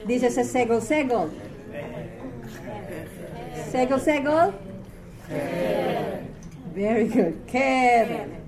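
A tired woman teaching a live reading class, chatty, quick to laugh and correct herself. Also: fairly high pitch, animated, a crowd in the background.

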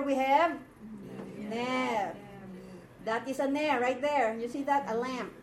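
A Filipina Hebrew teacher leads a classroom lesson, explaining things patiently and checking in with her students. Her voice is high-pitched and a little mellow, with a faint hiss or hum. She was recorded from far off in an echoey room.

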